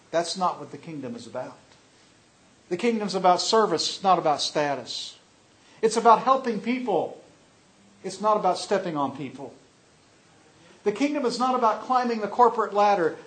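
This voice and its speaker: High-voiced preaching man, emphatic. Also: lively intonation, moderate pace, a bit bright, breathy edge. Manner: emphatic preaching, asks the congregation questions. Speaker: pastor. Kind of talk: sermon.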